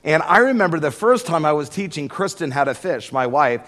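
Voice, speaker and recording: Middle-aged guy preaching, funny story that turns into loud preaching, voice on the high side, long echo like a big church. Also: a little fast. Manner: animated, humorous storytelling building to loud preaching. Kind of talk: sermon with storytelling. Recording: echoey hall with long reverb.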